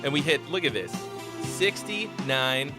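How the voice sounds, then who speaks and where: Loud music plays under a man's medium-pitched, sing-song voice, which moves a little slowly. He's hosting a casual song-review livestream, reading out chat messages and joking with profane, easygoing banter.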